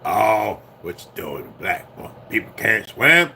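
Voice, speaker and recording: A man doing Uncle Ruckus, low old scold. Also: big pitch swings, takes it slowly, sharp tone, a little hiss or hum, full character voice. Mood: sneering. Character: grumpy old cartoon man, bitter and scornful.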